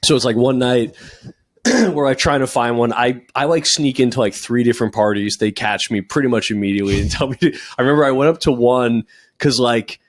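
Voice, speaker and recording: A man's voice: medium pitch, fairly quick. A young man, a podcast co-host, telling a rambling party story in casual chat and laughing as he goes. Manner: rambling, laughs through his own story.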